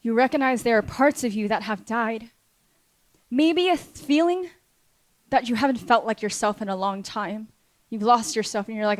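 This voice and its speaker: A woman's voice: a little high, normal speed, no echo. A woman pastor preaching a sermon in a church, impassioned and repetitive, addressing the congregation directly.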